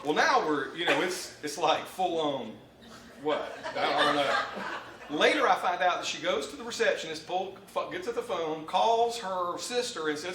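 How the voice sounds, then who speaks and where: A Southern man in his fifties tells stories in a folksy, animated way while leading a training session, and his voice sits a little on the higher side. The sound is roomy and distant, with steady ambient noise in the room. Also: moderate pace. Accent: Southern American. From Alabama, USA. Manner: folksy, animated storyteller, laughing often. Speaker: mortgage lender, presenter. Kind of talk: live training presentation with anecdote. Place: conference room with live audience.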